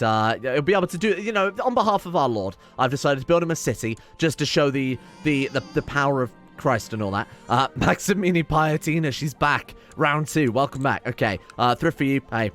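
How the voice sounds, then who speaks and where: A man's voice: medium pitch, fairly bright tone. Wry man narrating a strategy game. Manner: wry, swears casually, reads game text aloud. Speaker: game streamer. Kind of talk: casual let's play commentary.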